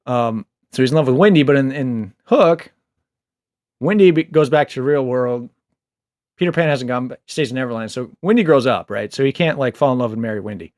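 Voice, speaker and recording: A young adult man casually reviewing a book, rambling with lots of fillers, a little low on sleep. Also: fairly quick, no room sound, studio quality. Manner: rambling, filler-heavy, animated asides.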